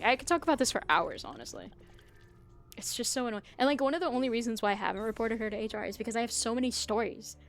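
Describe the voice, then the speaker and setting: A woman's voice: fairly high pitch, animated, fast talker, soft background music. A young woman streamer in her twenties chatting casually as she plays, venting and swearing, with lots of filler words. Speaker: gaming streamer. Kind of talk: casual chat while playing.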